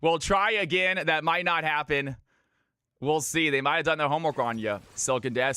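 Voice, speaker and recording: A man's voice: mid-range voice, bright, forceful tone, clear, resonant tone, no room sound. A man from California hosting a live game stream, commentating picks and greeting viewers by name in an upbeat way. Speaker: streamer casting viewer games.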